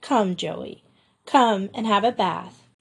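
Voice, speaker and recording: A gentle young woman speaks soothingly to her younger sister, voiced by a woman reading aloud. Her unhurried words are kind and calm, a figure from a storybook. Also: mid-range voice, gravelly, husky, exaggerated voice.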